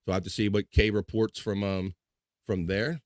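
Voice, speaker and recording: A man's voice: fairly low pitch, little pitch movement, normal speed, no echo, studio quality. Chatty male livestream host. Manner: loose, chatty and upbeat, with playful filler sounds. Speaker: host of a live chat show. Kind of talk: casual livestream chat, reading out viewer comments.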